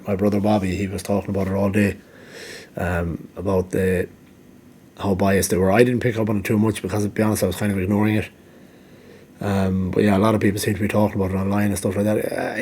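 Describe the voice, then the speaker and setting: A man's voice: on the low side, warm tone, breathy edge. A man giving rambling casual commentary, full of ums and restarts, and he is losing his voice. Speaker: MMA vlogger.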